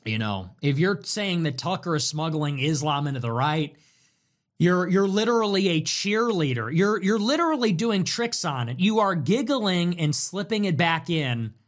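A young man holds forth alone in a heated, mocking rant. His voice sits high for a man and swings widely from low grumbles to sharp peaks. He curses freely and talks with contempt throughout. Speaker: commentator. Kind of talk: solo monologue rant.

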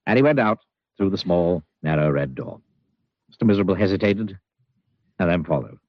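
A man narrating a children's storybook with expressive, drawn-out emphasis. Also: low-pitched, dry recording. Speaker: audiobook narrator. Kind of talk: storybook reading. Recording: muffled recording with soft music.

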